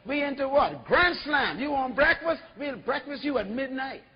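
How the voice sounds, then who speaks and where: A man voicing a brash male diner chain spokesman who talks loudly. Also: animated, normal speed, highs cut off. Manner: loud, brash sales pitch.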